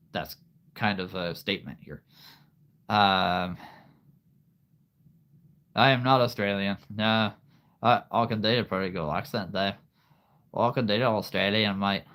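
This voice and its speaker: A man's voice: low voice, fairly bright tone. A man hosting a casual livestream, rambling to his viewers with many fillers and frequent laughs. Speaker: livestream host.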